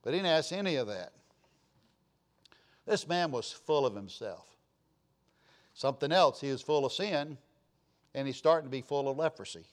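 A man preaching a sermon in a folksy way, repeating phrases for emphasis, with sudden loud bursts and quiet asides. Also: medium pitch, expressive, moderate pace, pauses often. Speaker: pastor.

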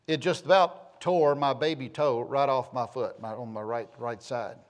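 A man's voice: mid-range voice, normal speed. A middle-aged man from the southern United States tells a rambling, homespun personal story with self-deprecating humor.

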